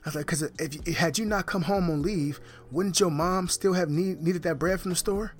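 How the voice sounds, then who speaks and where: A man's voice: high voice, moderate pace. A man telling a personal story and acting out the quoted dialogue, his voice rising and falling with each part. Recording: faint music behind the voice.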